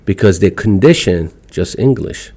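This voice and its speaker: A man's voice: fairly low pitch, animated, unhurried, dark tone, husky. A man from Iran with an Iranian accent and broken English, speaking emphatically and outspokenly as a podcast guest. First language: Farsi. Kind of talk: casual conversation.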